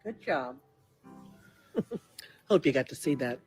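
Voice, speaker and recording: A man rambling in a halting home video monologue, often clearing his throat. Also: medium pitch, animated, no echo, soft background music.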